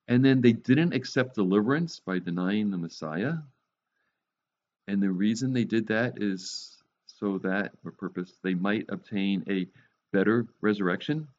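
Low-voiced preacher with wry asides. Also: male voice, a little slow, a little mellow, dull audio. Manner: wry, joking asides with sarcasm. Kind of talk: conversational sermon.

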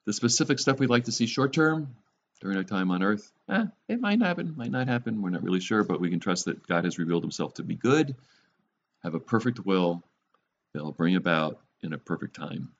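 A man gives a relaxed, conversational sermon, teaching from scripture and tossing in wry, joking asides. His voice sits on the low side. The recording sounds dull and lo-fi. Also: fairly quick. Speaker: preacher.

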